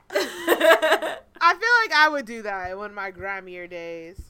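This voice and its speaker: A woman in her late twenties co-hosting a podcast, telling stories in a profane, animated way and laughing often. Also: medium pitch, slow, pauses often, smooth. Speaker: podcast co-host. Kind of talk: casual chat, storytelling.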